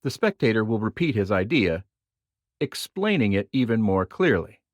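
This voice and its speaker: A man reading a nonfiction book on magic theory aloud in a measured, expressive way. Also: fairly low pitch, no echo.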